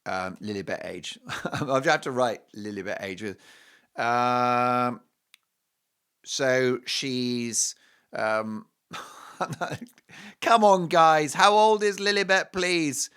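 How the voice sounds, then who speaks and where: A man's voice: medium pitch, very slow, pauses often, a bit bright, clear, resonant tone. A man hosting an opinionated commentary show, speaking in a scornful, sarcastic and emphatic way. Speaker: host.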